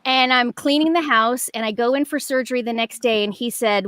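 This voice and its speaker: A woman in her forties, a guest performer telling a story in a rambling, animated way with lots of fillers over a video call. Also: a little high, brisk, hardly any pauses, clean tone, dry recording. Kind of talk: casual chat.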